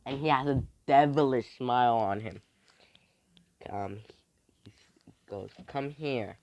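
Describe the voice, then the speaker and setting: Young male narrator, unhurried and rambling, improvising a fan story at home with quick character voices; middle-pitched. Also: darkish tone. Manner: rambling, halting, with many restarts and fillers.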